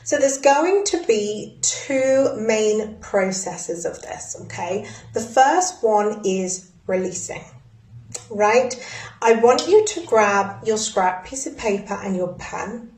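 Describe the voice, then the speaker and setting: A woman leading a guided breathwork and ritual session in a soothing, gently instructive way. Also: mid-range voice, animated, slow. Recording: echoey room.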